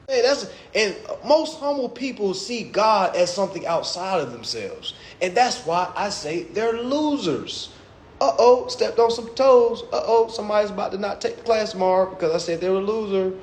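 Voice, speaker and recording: A brash, foul-mouthed man holds forth on a live stream with a lively, swooping pitch that sits a little high for a man. He mocks and jabs as he talks, with a faint hiss of noise behind him. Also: normal speed. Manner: brash, profane and mocking. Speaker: instructor promoting his class. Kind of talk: casual live-stream monologue.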